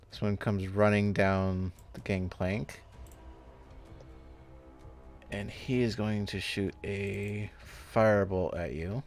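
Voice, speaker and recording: Game master, man, low voice, casual combat narration, faint music behind. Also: flat delivery, slow pace, vocal fry, few pauses, darkish tone. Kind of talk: narrating a tabletop game live stream.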